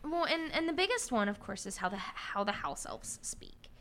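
A young woman in easy, unscripted conversation, working through ideas aloud with frequent "um"s and restarts. Her voice moves a lot in pitch, rising and dipping as she talks. She sounds like a podcast co-host chatting about a book. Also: normal speed, slight background noise. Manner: animated, many fillers and restarts. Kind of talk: casual book discussion.

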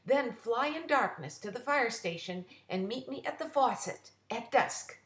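A woman voicing an eager, determined young male firefly in a children's story, bright and rallying. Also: a little high, animated, unhurried, voice pushed up. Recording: roomy echo.

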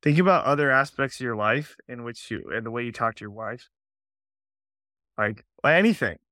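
A man's voice: medium pitch, lively intonation, moderate pace, sharp tone, dry recording, studio quality. A man co-hosting a casual podcast conversation, earnest and thoughtful.

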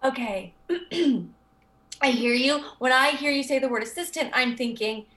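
A woman in her forties in an improvised comedy scene, talking in halting, teary bursts with laughter slipping through her words. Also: high voice, bright, forceful tone, echoey room. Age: 40s.

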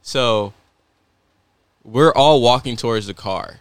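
Here a young male podcast co-host speaks slowly in a clean, medium-pitched voice with no room sound. His casual storytelling is lively, full of laughter and acted-out quotes from others.

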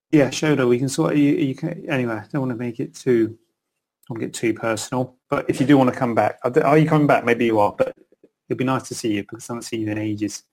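Answering questions live from his computer, a middle-aged plastic surgeon talks in a gravelly, darkish, mid-range voice. The Q and A chat is rambling and casual, and he often interrupts himself.

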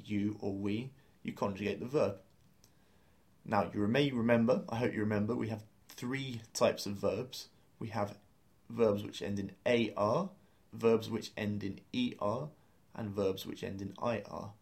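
A man's voice: fairly low pitch, steady tone, moderate pace, darkish tone. A man teaching a beginner language lesson, explaining grammar step by step and spelling out words letter by letter.

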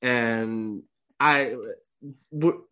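A man's voice: medium pitch, very slow, sharp tone. Young male co-host, stuffed up, blunt and profane. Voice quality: swears freely, clears throat often. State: congested, coughing. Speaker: podcast co-host. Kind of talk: casual chat.

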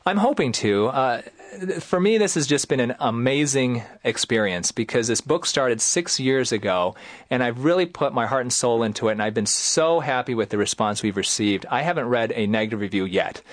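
A young man from Michigan, a plastic surgeon, talking about his book and then reading from it aloud with lively acted lines. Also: normal speed. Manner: animated, jumps into loud high acted lines while reading. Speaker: author and plastic surgeon, guest.

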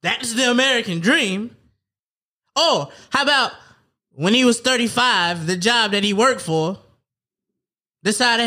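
Animated, emphatic young podcast co-host. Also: mid-range voice, a little slow, pauses often. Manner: animated, emphatic, swears freely. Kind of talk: casual chat.

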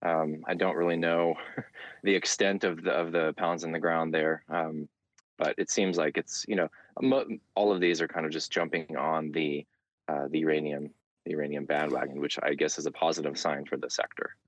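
A man with an extremely deep voice talks as a guest in a casual interview. He is frank and relaxed and hesitates often as he thinks aloud. The sound is dry and close. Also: normal speed, no echo. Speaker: interview guest, market commentator.

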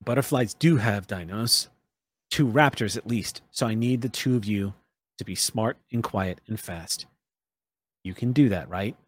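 A man's voice: fairly low pitch, a little slow. A man voicing Piper, a stern, profane woman leader giving orders.

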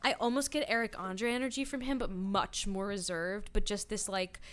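A young woman in casual podcast chat, rambling and swearing, often dropping into quiet trailing asides. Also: medium pitch, steady tone, moderate pace. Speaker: podcast co-host.

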